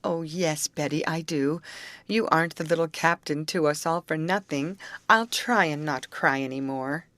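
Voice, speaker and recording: A tearful, faltering teenage girl, as a woman puts her on in a storybook, halting over her words. The reading voice is low for a woman and recorded dry and close. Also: a bit bright, dry recording.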